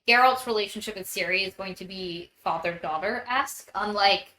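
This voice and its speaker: A woman's voice: medium pitch, normal speed, bright, forceful tone, a little hiss or hum. A woman co-hosting a casual book club podcast, retelling a story loosely with lots of fillers. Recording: roomy echo.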